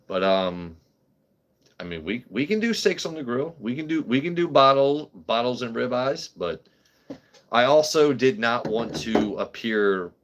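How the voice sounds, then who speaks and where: A man's voice: on the low side, muffled recording. A man hosting a livestream in casual, rambling chat, swearing freely as he talks. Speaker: livestream host.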